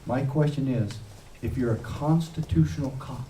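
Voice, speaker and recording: A man, a former sheriff, giving an impassioned public speech with forceful, emphatic peaks. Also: medium pitch, normal speed, slight background noise. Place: event room. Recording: echoey room heard from a distance.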